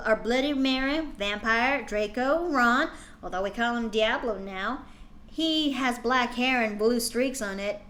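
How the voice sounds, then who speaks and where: A woman's voice: a little high, moderate pace, fairly bright tone. A woman streamer reading cringe fan fiction aloud on a live stream, breaking off with exasperated, sarcastic asides.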